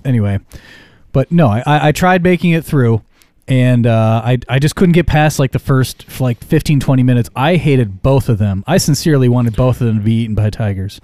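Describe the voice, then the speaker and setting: A man's voice: mid-range voice, a little fast, dark tone, no echo, studio quality. A man co-hosting a casual podcast, joking and teasing his partner with playful banter. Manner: joking, teasing, hams up show intros. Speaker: podcast co-host.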